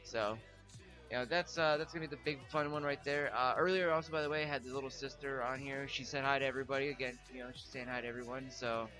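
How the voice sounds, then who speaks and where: Young male streamer, rambling casual chat, bright tone, faint music behind. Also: mid-range voice, steady tone, fast talker. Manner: rambling, heavy filler words, laughs often. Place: home room.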